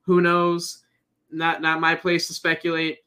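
A man co-hosting a casual wrestling review podcast, recapping the action plainly and briskly. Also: a little high, completely flat delivery, bright, forceful tone, smooth. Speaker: podcast co-host.

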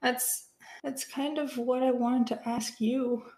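A woman's voice: sits high, steady tone, takes it slowly, dark tone, echoey room, low-quality recording. A woman playing a tabletop role-playing game, talking hesitantly with many fillers and nervous laughs. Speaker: player.

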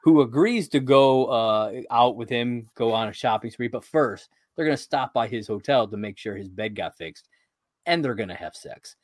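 A podcast co-host chats casually about a sitcom episode, rambling, laughing often and swearing now and then. His medium-pitched, expressive voice moves at a moderate pace, and the studio recording is clean with no room sound.

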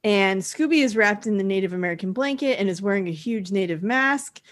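A woman's voice: medium pitch, lively intonation, brisk. Chatty woman recapping a cartoon. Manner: storytelling recap, chatty, with many "like"s. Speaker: podcast co-host. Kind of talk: casual chat recapping a cartoon episode.

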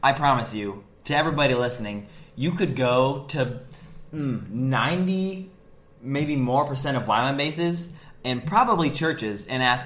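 A man's voice: mid-range voice, animated, moderate pace, a bit bright, echoey room. A young man co-hosting a casual faith podcast, explaining his reasoning step by step and often checking in with "right?". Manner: explaining point by point with frequent "right?". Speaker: podcast co-host.

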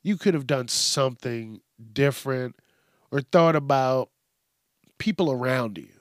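A man's voice: medium pitch, a little slow, no echo, clean studio sound. A man hosting a casual news podcast, rambling and swearing with lots of fillers, talking at a microphone on a stand. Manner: rambling, profane, frequent fillers. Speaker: podcast host. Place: home studio with a mic stand.

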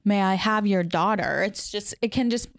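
A woman's voice: medium pitch, normal speed, vocal fry, no echo, studio quality. A woman co-hosting a podcast in casual chat, teasing and laughing often. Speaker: podcast co-host.

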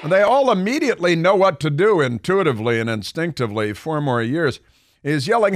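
A man's voice: a little high, big pitch swings, normal speed, no echo, studio quality. A man hosting a talk radio show, commenting in a sarcastic, mocking way with frequent restarts.

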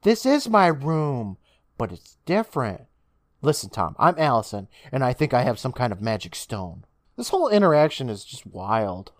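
A man chats casually on a podcast, walking through a TV episode and slipping into quick imitations of the characters. His pitch sits mid-range but swings widely as he gets animated. The sound is dry and close, with no room around it. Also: no echo. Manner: animated, swears, mimics characters while recapping. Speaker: podcast co-host recapping an episode. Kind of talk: casual chat, retelling scenes.

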